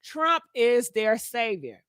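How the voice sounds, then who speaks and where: A woman hosting a gossip channel, giving blunt, animated casual commentary straight to her viewers. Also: a little high, takes it slowly, clean tone, dry recording.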